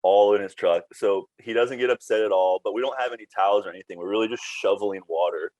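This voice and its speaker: A man's voice: lowish voice, quick pace, a little mellow, no room sound, low-quality recording. A man, a former team PR staffer, telling casual stories as a podcast guest and laughing through them. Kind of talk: casual storytelling chat.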